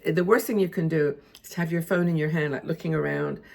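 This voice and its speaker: A woman in her sixties talks straight to camera, sharing tips in a chatty, expressive way full of little asides. Her voice sits low and has a gravelly, husky edge. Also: fast. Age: 60s. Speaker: lifestyle video host. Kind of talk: casual tips talk to camera.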